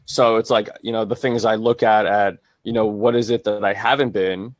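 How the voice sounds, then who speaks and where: A low-pitched man talks through his thoughts in an unhurried, searching way on a casual coaching podcast. He circles back, restarts phrases and leans on fillers as he works out ideas. The sound is dry and close, with little room around the voice. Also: fairly even intonation, dry recording. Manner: reflective, searching, with many "like" and restarts. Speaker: co-host and transformation coach.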